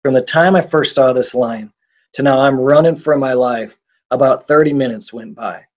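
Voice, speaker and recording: A man's voice: medium pitch, normal speed, muffled recording. A middle-aged man telling a personal survival story in an interview, speaking intensely with frequent repeats and restarts.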